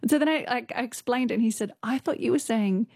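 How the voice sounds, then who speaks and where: A woman's voice: fairly high pitch, quick pace, darkish tone, no room sound, clean studio sound. An Australian woman in her thirties, a news presenter chatting as a guest in an interview, full of "like" and "um". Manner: chatty, fillers like "like" and "um", laughs often. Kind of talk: casual interview chat.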